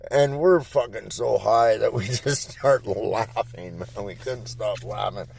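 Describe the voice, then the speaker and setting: A man's voice: lowish voice, takes it slowly, vocal fry, darkish tone, a little hiss or hum. A man from Canada telling a rambling, profane story in casual talk. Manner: rambling, profane, laid-back. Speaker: interviewee.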